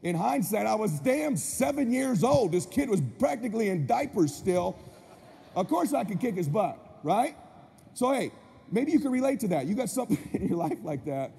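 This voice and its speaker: A man telling a story in a live motivational speech, with energetic and punchy delivery. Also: sits high, normal speed, vocal fry, breathy edge. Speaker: motivational speaker. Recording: echoey hall with faint noise.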